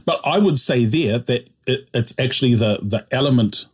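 Husky New man teaching patiently. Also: mid-range voice, expressive, normal speed. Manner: patient, checks understanding with "yeah?" and "ka pai". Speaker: Māori language teacher. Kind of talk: explaining grammar to a small group.

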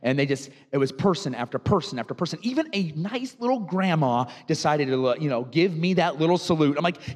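A man in his thirties, a pastor from the United States, preaching a sermon and telling animated personal stories that make him laugh. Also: a little high, a little fast, hardly any pauses, long reverb tail. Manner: storytelling, animated, laughs at own anecdotes.

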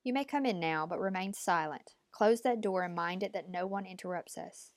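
A woman's voice: fairly low pitch, moderate pace, dry recording, studio quality, natural voice. A woman reading an audiobook, voicing a stern, cold, commanding old woman who speaks in clipped, imperious lines.

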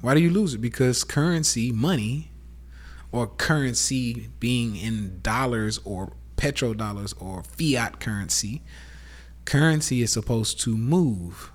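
A man's voice: mid-range voice, unhurried. A man with a Southern accent hosting a casual rant podcast, blunt and profane, lecturing his listeners as y'all. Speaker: podcast host.

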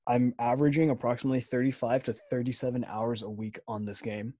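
Young male podcast co-host, easygoing banter, dry close mic, mid-pitched. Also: flat delivery, quick pace, mellow, dry recording. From Chinese descent, speaks Mandarin. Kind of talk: casual chat.

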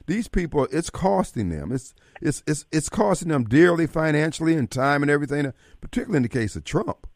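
Animated, preachy man on talk radio. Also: fairly high pitch, normal speed, dry recording, studio quality. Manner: animated, preachy, swings from loud to muttering. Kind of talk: casual political talk radio chat.

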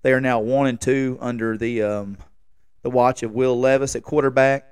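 A man in his late thirties hosts a casual podcast, spinning exasperated, rambling tales and cracking jokes at his own expense. His voice sits at a plain, middle pitch. It is recorded close up in a dead, dry space. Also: steady tone, normal speed, a little mellow, clean tone, dry recording. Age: late 30s. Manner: exasperated, rambling, self-mocking banter. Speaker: podcast host. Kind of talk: casual comedic storytelling monologue.

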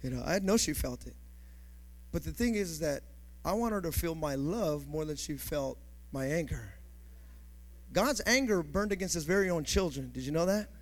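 A male pastor preaching a sermon emphatically, building to shouts and calling for responses from the congregation. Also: a little high, lively intonation, normal speed.

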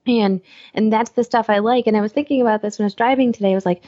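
A woman's voice: fairly high pitch, fairly even intonation, racing, warm tone, dry recording, highs cut off. A woman in her thirties, a co-host chatting casually and acting out her own reactions over a video call. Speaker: podcast co-host. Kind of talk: casual chat.

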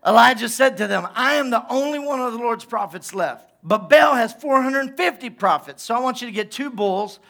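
Bright, high-voiced pastor preaching animatedly. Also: male voice, normal speed, vocal fry, few pauses. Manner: animated storytelling, acting out quotes in asides. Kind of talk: sermon.

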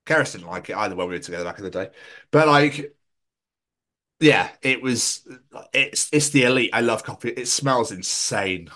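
A young man from England rambles through a casual podcast chat, swearing freely and laughing as he goes. His pitch swings widely, and he breaks into mock voices. The delivery is loose and conversational. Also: lively intonation, normal speed, sharp tone. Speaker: podcast co-host.

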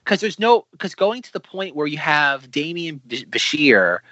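A man's voice: on the high side, very animated, normal speed, bright, forceful tone, no echo, muffled recording. A man co-hosting a podcast, making his point persistently in a casual film discussion, often repeating words as he cuts in. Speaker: podcast co-host.

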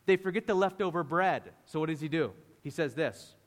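A man preaching a lively sermon, often acting out the voices of the people in the story. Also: a little high, a little fast, few pauses. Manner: animated, acts out voices of disciples. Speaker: pastor. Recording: reverberant hall.

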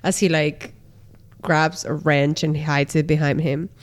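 A woman's voice: deep voice, measured pace. A woman co-hosting a podcast, casually retelling a cartoon episode's plot, with lots of "like" and "uh". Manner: relaxed storyteller, full of fillers like "like" and "uh". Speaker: podcast co-host.

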